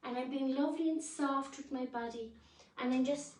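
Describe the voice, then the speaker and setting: A woman leading a guided movement class, speaking gently and soothingly, with sudden loud playful roars. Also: high voice, steady tone, moderate pace. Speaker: movement and wellbeing instructor. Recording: roomy echo, voice from some distance.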